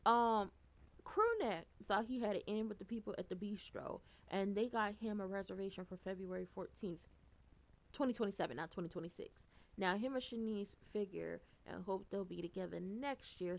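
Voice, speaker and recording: A woman giving a casual, animated recap, blunt and profane, and she gets loud for emphasis. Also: medium pitch, normal speed. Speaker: soap opera recapper.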